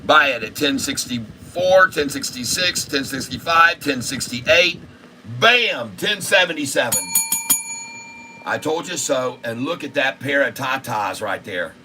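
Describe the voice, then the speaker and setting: Excitable man hosting a slow trading stream. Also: mid-range voice, noisy background. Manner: excitable, repetitive, crude jokes, loud outbursts. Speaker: day-trading livestream host. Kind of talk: casual live stock-trading stream.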